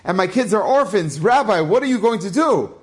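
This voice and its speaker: A man's voice: medium pitch, normal speed, darkish tone, lightly acted. A man voicing a desperate, tearful young widow who begs a rabbi for help. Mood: sobbing. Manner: pleading, tearful.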